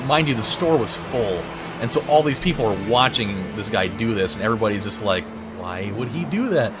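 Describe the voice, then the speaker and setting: A young man hosting a gaming video, telling a story in a casual, profane, rambling way and laughing at his own jokes. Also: medium pitch. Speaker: gaming channel host. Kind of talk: casual storytelling over gameplay. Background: game music and car engines.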